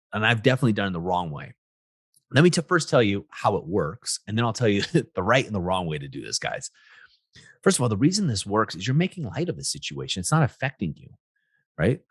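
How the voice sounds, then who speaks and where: Brief: husky-voiced male coach, lively swooping delivery, punchy motivational monologue. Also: fairly low pitch, dry recording, studio quality. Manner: animated, emphatic, repeats "right?" and "guys". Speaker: podcast host, relationship coach.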